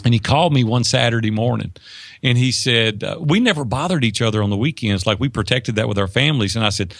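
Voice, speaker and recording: A man with a gravelly, mid-range voice, telling stories from his own life with emphatic, animated delivery. He talks to the host casually. The sound is dry and close, with no room echo. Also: medium pitch, fast. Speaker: interview guest, business mentor. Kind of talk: conversational storytelling.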